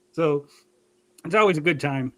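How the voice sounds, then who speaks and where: A man hosting a casual livestream podcast, rambling through a story and cutting himself off mid-sentence. He swears freely, and his voice sits a little higher than most men's. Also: a bit bright, rough recording. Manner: rambling, profane, self-interrupting storyteller. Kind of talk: casual chat.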